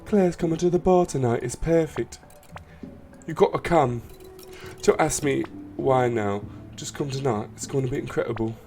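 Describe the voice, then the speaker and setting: A man voicing an excited, pushy young man in a video game, trying out an accent as he reads the lines aloud. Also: mid-range voice, moderate pace, soft background music, pitched above the performer's own voice, natural voice. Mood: eager.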